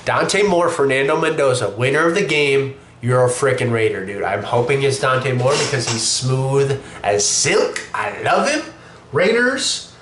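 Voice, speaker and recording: Young man, sick and coughing, blunt cursing sports rant, fairly high voice, echoey room. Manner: profane, blunt and animated. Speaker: show host. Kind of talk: casual sports opinion monologue. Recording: echoey room with faint noise.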